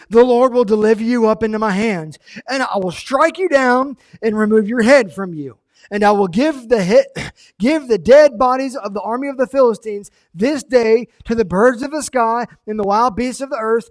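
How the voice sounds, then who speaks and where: A man preaching a sermon, animated, acting out the story's characters as he retells them. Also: high voice, normal speed. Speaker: pastor.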